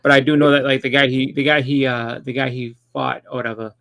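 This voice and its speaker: A man in a casual podcast chat, talking quickly and repeating words as he goes. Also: medium pitch, level tone, vocal fry, a bit bright. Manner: rapid, repeats words as he talks.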